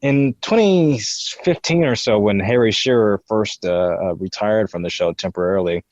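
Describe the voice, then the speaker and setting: A man's voice: fairly low pitch, normal speed, a little mellow, no echo, dull audio. A young man in his twenties, a guest voice impressionist on a podcast interview, answering hesitantly with many fillers. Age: 20s.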